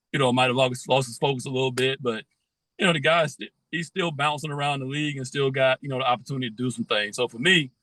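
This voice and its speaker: A man's voice: medium pitch, pushed and bright, no echo, rough recording. A man in casual sports chat, speaking steadily and plainly, often ending lines with "man". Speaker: podcast co-host.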